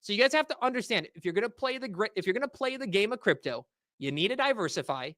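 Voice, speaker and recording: A man's voice: high-pitched, lively intonation, quick pace, a bit bright, no echo, studio quality. A man hosting a livestream, ranting casually and profanely to his chat in slangy talk. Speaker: host. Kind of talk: livestream market rant.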